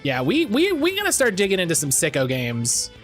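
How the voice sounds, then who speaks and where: A man's voice: sits high, huge pitch swings, fairly quick, fairly bright tone, soft background music. A man commentating a live game stream in a rambling, joking way, often repeating himself.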